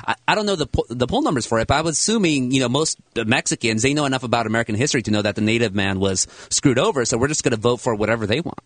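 A man from Southern California, a guest on a radio talk show, chatting in a joking, animated way. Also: mid-range voice, rapid-fire, hardly any pauses, dry recording. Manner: joking, animated, laughs often. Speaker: guest columnist. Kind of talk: casual radio chat.

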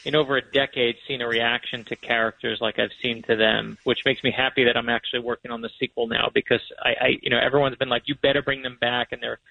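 A man's voice: mid-range voice, fast talker, vocal fry, few pauses, dry recording, muffled recording. A man guesting on a radio interview as an author, telling stories with self-deprecating humor. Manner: animated storyteller, self-deprecating.

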